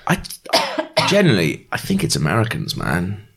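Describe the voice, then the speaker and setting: Sweary man with a deep voice. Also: moderate pace, gravelly, husky. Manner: sweary, animated storyteller. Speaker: podcast co-host. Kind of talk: casual chat.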